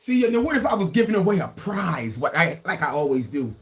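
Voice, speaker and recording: Give me a lively, playful woman in her sixties hosting a livestream. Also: on the low side, moderate pace. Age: 60s. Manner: playful, laughing, teasing viewers. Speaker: livestream host. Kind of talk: casual livestream chat. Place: indoors, live from Grenada.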